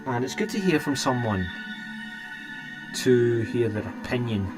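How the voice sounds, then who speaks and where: A man's voice: medium pitch, expressive, unhurried, over music. A Scottish man hosting a live stream and chatting casually with viewers, rambling and restarting his sentences often. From Scotland. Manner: rambling, hesitant, many restarts.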